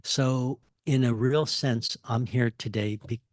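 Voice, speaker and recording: A man's voice: mid-range voice, steady tone, takes it slowly, no room sound, clean studio sound. A man in his sixties from Texas, giving a casual university talk full of fillers, restarts and chuckles. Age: 60s. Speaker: guest speaker. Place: lecture hall.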